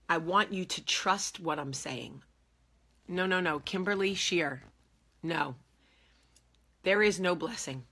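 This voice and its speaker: Forceful, husky-voiced woman in her forties. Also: lowish voice, slow, long pauses. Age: 40s. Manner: earnest and emphatic, repeating key phrases. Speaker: vlogger speaking to her viewers. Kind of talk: heartfelt casual talk to camera.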